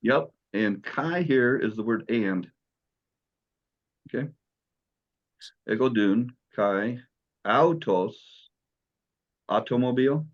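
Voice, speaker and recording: A man's voice: mid-range voice, expressive, slow pace, pauses often, dull audio. A man teaching Greek in an online class, patient and encouraging as he explains step by step.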